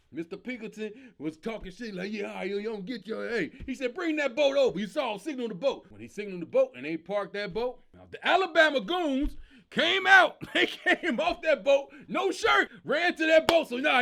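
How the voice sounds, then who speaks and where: A man hosting his own comedy show, telling stories in a loud, excitable monologue and acting out the quotes. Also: very high voice, gravelly. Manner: loud, excitable storytelling with acted-out quotes and laughter. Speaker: comedian host.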